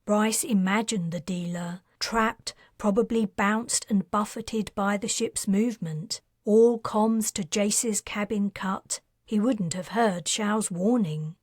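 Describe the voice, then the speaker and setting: Slow, breathy female audiobook narrator. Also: medium pitch, no room sound, clean studio sound. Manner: calm, steady storytelling. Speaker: author and narrator.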